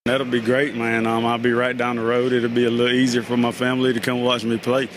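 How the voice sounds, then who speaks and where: A young football player with a rural South Carolina accent, talking relaxed and drawling. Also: male voice, medium pitch, fairly quick, noisy background. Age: young adult. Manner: relaxed, drawling, adds man often.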